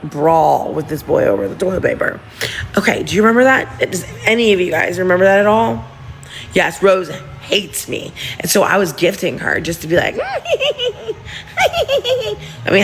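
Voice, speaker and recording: Woman livestream host, gossipy and giggly, rambling chat into a phone, slight vocal fry. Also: lowish voice. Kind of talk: casual livestream chat to viewers.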